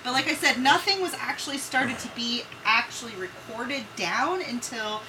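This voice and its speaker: A woman's voice: on the high side, expressive, normal speed. A woman from the Ozarks telling folklore in a rambling, casual podcast chat, laughing and swearing freely. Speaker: podcast co-host. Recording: distant mic, noisy room.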